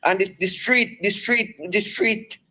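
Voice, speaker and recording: Male radio caller over phone, high-pitched, halting and rambling. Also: fairly even intonation, pushed and bright, low-quality recording. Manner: rambling, halting, many restarts. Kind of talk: call-in radio talk.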